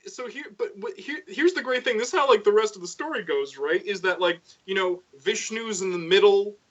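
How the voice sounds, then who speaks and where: A man on a casual podcast stream, retelling a myth in lively detail and briefly voicing the characters as he goes. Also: sits high, brisk. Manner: animated storyteller, voices characters in passing. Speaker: co-host. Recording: dull lo-fi sound.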